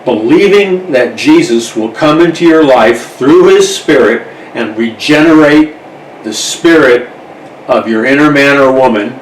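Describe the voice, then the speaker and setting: A man's voice: mid-range voice, echoey room, distant mic, slight background noise, rough recording. A man, a minister hosting a radio talk show, preaching earnestly and repeating key phrases for emphasis.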